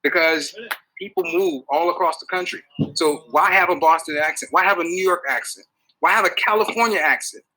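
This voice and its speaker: A man giving a public talk to an audience, animated and full of rhetorical questions. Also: fairly high pitch, brisk, poor audio. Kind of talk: public lecture.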